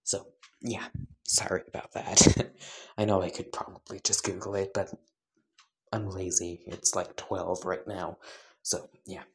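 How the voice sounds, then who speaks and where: Low slow-whispering man narrator. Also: flat delivery. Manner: soft whisper with casual asides. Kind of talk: whispered fan-fiction storytelling.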